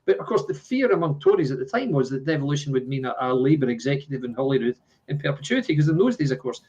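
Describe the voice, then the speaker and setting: A man's voice: medium pitch, very animated, quick pace, a little mellow, dull audio. A man co-hosting a live political talk show, who explains things and agrees readily. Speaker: co-host.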